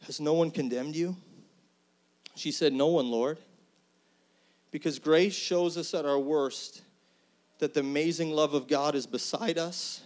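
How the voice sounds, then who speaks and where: A middle-aged pastor with a high, light voice delivers a sermon in an earnest, conversational way. He drops to hushed, near-whispered lines and then climbs to loud, emphatic ones. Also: unhurried, pauses often.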